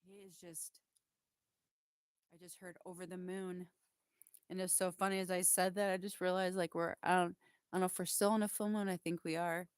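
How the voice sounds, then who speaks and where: A woman's voice: on the low side, flat delivery, a little fast, pauses often, smooth, no echo, studio quality. A woman working as a psychic medium, passing on spirit messages in a hesitant, emotional way with many fillers and restarts. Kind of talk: spiritual channeling monologue.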